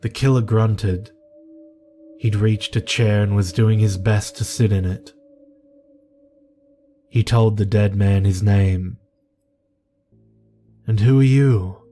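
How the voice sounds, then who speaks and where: A man giving slow, measured, grave scripted horror narration. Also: lowish voice, little pitch movement, mellow. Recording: narration over faint music.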